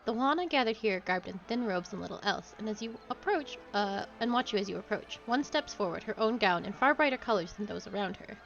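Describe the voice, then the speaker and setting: A woman's voice: mid-range voice, lively intonation, brisk, creaky, hardly any pauses, fairly bright tone, muffled recording, faint music behind. A young woman streaming a role-playing game, reading its text aloud in a casual way with giggly asides. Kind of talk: casual gameplay narration.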